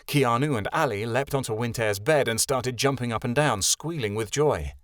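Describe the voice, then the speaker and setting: A man reading a fantasy audiobook as the narrator, in an expressive storytelling manner. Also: mid-range voice, normal speed, no room sound, studio quality. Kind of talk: scripted narration.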